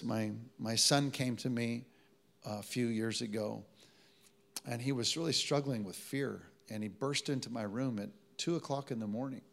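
A man's voice: mid-range voice, gravelly. A man preaching a sermon to a live congregation, telling stories in a conversational way and calling on the audience to respond. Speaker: pastor.

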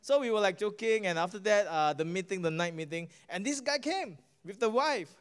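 A middle-aged man with a Singaporean English accent preaches with animated, storytelling energy. His voice sits high and sounds smooth and resonant. He keeps pulling the listeners in with quick questions. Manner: animated storytelling, asks the audience "right?" and "guess what?". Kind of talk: sermon with personal testimony.

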